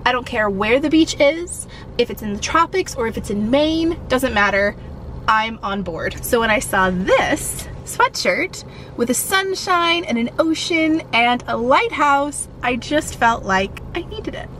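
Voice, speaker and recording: A woman's voice: a little high, animated, a little slow, fairly bright tone, slight background noise, poor audio. A young woman from Ohio chatting bubbly and casually as she shows her shopping haul and crafts in her vlog. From Ohio, USA. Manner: chatty and bubbly, often laughing. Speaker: vlogger.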